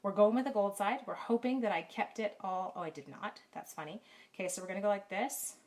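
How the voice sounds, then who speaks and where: Her tone darkish and her pitch medium, a middle-aged Canadian woman talks a little fast while teaching card-making live from her home craft room. As a stamping demonstrator she's chatty, self-deprecating and greets viewers by name; her camera mic carries slight background noise.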